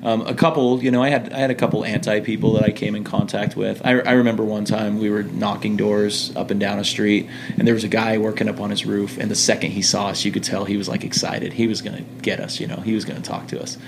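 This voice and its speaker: A young American man, a former missionary, telling lively stories in a casual podcast chat and acting out quoted voices. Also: lowish voice, fast, hardly any pauses, background noise. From United States. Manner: animated storyteller, acts out quoted voices and laughs.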